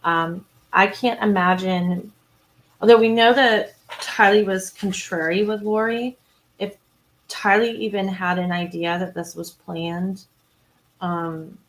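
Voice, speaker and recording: A woman's voice: medium pitch, fairly even intonation, slow pace, slight background noise, low-quality recording. Chatty woman hosting a livestream. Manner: chatty, retells scenes, greets and answers viewers; frequent ums and restarts. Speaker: true crime livestream host. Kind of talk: casual livestream recap and chat reading.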